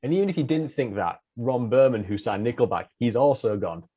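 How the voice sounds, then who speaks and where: Lively-pitched podcast host, casual and sweary. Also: male voice, brisk, breathy edge. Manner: chatty, sweary interjections. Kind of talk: casual interview.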